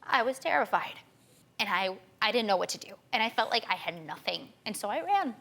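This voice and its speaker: A woman's voice: mid-range voice, big pitch swings, a little fast, vocal fry, sharp tone. A young woman guest on a talk show giving an urgent personal account, stumbling and restarting often. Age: young adult. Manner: urgent, tearful retelling with many restarts.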